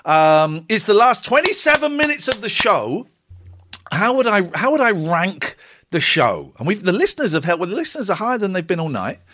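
A man's voice: sits high, sing-song, normal speed, bright, forceful tone. A man in his forties hosting a late-night radio show alone from home, chatty, rambling and self-deprecating. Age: 40s. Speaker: radio host. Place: home, cold room.

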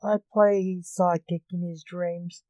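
A woman voicing the calm Sandman. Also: fairly low pitch, measured pace, no room sound, dull audio, lightly acted. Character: Sandman, calm male dream guardian.

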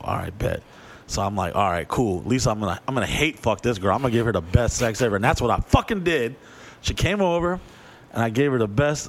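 On a podcast, a medium-pitched man spins a crude, profane story with lots of animation, performing the voices of its characters.

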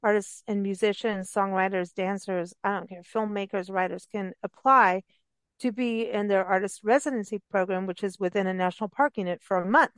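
A woman's voice: medium pitch, a little fast, no room sound. An enthusiastic woman host chatting freely on a radio interview. Her talk rambles and spills over with eager asides. The voice sits mid-range and sounds close and dry. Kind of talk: casual interview chat. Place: travel and parks radio show.

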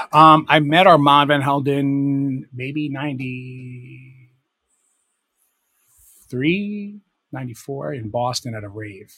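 A man's voice: medium pitch, drawn-out words, long pauses, pushed and bright, husky, no room sound. A middle-aged man, a DJ and producer, telling rambling, self-correcting stories in a casual interview. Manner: rambling, self-correcting anecdotes with many fillers. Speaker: guest, DJ and producer.

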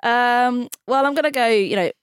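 A woman's voice: fairly high pitch, normal speed, clean tone, no room sound, clean studio sound. A woman co-hosting a casual football podcast, playful and jokey, sometimes tripping over her words. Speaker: podcast co-host.

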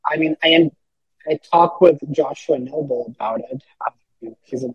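A man's voice: a little high, moderate pace, breathy edge, dry recording, muffled recording. A man talking as a podcast guest in casual chat, rambling with lots of fillers and restarts.

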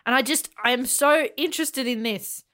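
Woman co-host, high bright voice, chatty, reads feedback aloud. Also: moderate pace. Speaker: podcast co-host. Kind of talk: casual chat.

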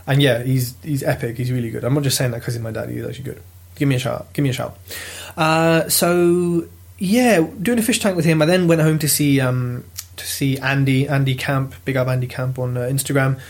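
A British man telling a property auction story in a lively, casual vlog, swearing freely as he goes. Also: medium pitch, fairly quick, creaky. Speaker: property investor vlogger. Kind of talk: casual chat.

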